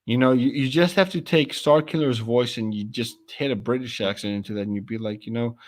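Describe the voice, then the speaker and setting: A man's voice: mid-range voice, fairly quick, hardly any pauses. A man talking casually and enthusiastically, with the odd curse word. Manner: enthusiastic, profane fan talk. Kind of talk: casual chat.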